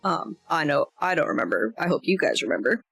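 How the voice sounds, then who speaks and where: A woman's voice: sits low, very animated, quick pace, gravelly, fairly bright tone, no room sound, faint music behind. A woman talking through a language lesson, rambling and hesitant, poking fun at herself as she goes. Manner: rambling, hesitant, self-deprecating. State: yawning, tired. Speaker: language learner streamer. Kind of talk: casual lesson walkthrough.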